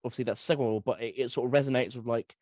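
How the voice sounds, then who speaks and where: A man co-hosting a casual history podcast, telling stories quickly and eagerly. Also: medium pitch, fairly even intonation, a little mellow, dry recording. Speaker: podcast co-host.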